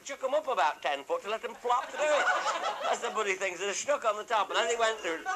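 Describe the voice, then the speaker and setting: A man's voice: sits high, animated, fast. An older man telling a rambling comic anecdote, earthy and swearing freely as he acts out the voices of the people in it. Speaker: storyteller. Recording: loud background hiss.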